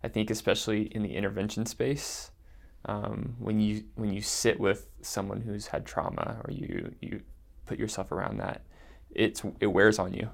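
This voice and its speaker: A man interviewing a guest, asking measured and thoughtful questions. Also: on the low side, level tone, vocal fry. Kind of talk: conversational interview.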